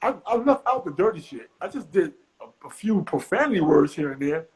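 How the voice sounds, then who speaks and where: A middle-aged man from the US East Coast, a comedian guest telling profane stories with animated, high-pitched acted quotes. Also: fairly quick, breathy edge, rough recording. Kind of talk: animated storytelling.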